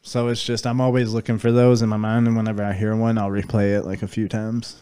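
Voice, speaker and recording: A man with a Southern US twang talks through a casual podcast chat, his voice mellow and smooth. He rambles loosely, padding his thoughts with fillers. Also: on the low side, level tone, fast talker. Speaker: podcast guest.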